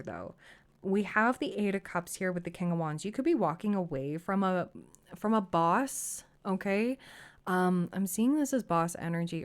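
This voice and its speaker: A tarot reader, an effusive woman whose voice sits a little lower than most women's, reads cards for her viewers on camera in a relaxed, chatty manner. She keeps reassuring the listener and breaks into quick exclamations along the way.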